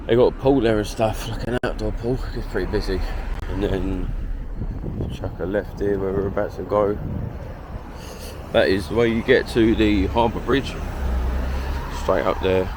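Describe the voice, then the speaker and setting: A man with an Essex accent and a lowish voice rambles through a casual walk-and-talk vlog, peppering his talk with "like" and swearing. Loud wind roars across his phone mic on an outdoor harbour walk. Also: steady tone, normal speed. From Essex, England. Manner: rambling, slangy, full of "like" and swearing. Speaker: vlogger.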